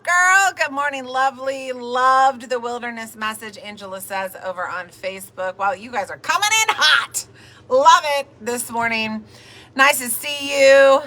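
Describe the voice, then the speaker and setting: A bright, high-pitched young woman chatting on a livestream, greeting viewers and reading comments out loud. She repeats her words in a bubbly way and takes her time. She sounds a little tired after an early morning. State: tired, up since the middle of the night. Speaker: host of a livestream. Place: home in Texas.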